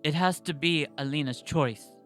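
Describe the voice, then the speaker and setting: A man reading the part of a sharp-tongued young woman commander, giving dry bargaining retorts in a podcast read-through. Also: a little high, normal speed, faint music behind, lightly acted.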